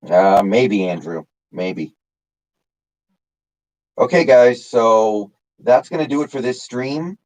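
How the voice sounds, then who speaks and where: A man's voice: mid-range voice, slow, pauses often, a little mellow, low-quality recording. A man casually chatting on his live stream, answering chat by name with lots of fillers. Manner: rambling, reads chat names, many fillers.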